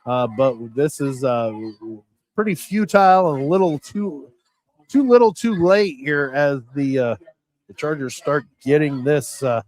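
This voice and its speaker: A man giving folksy, rambling play-by-play commentary on a high school football game, often correcting himself. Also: darkish tone. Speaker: play-by-play announcer.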